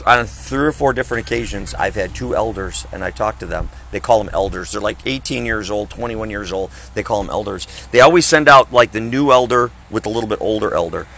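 A man's voice: fairly low pitch, a little fast, vocal fry, few pauses, fairly bright tone, a little hiss or hum, low-quality recording. A man in his fifties, a traveling evangelist, preaching emphatically in conversation and repeating his phrases. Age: 50s.

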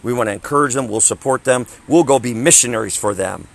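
A man's voice: mid-range voice, quick pace, gravelly, poor audio. A man in his fifties, a traveling evangelist, preaching emphatically in conversation and repeating his phrases. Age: 50s.

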